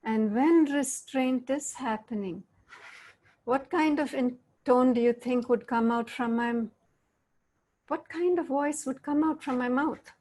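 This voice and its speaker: A woman's voice: high-pitched, measured pace, darkish tone. A middle-aged woman leading an interactive online talk. She keeps asking the audience questions and acts out different tones of voice. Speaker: workshop facilitator.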